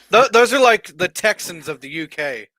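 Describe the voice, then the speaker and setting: A man in casual podcast chat, teasing the others with quick quips. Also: high-pitched, sing-song, bright, forceful tone, no room sound.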